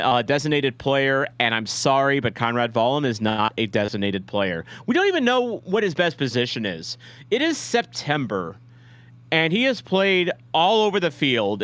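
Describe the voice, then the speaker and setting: A young man hosting a fan watch-along, reacting live to a match in a rambling, excitable way. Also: mid-range voice, dry recording. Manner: excitable, rambling, shouts at big plays.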